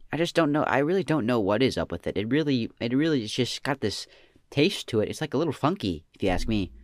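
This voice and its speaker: Young man, comedy podcast host, deadpan slacker drawl, dry close mic. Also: mid-range voice, no echo. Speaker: podcast host answering listener questions.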